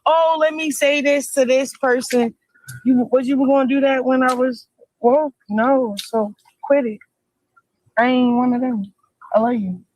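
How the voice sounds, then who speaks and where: Rambling high-voiced woman, dry sound. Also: steady tone, a little slow, darkish tone, no room sound, low-quality recording. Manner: rambling, emphatic, repeats herself. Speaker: interviewee in a played clip. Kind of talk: casual livestream talk.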